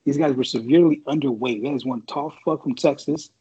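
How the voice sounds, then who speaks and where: A man's voice: mid-range voice, fairly quick, mellow, breathy edge, dull audio. A man from San Francisco telling profane boot camp stories in casual chat, rambling with like and you know.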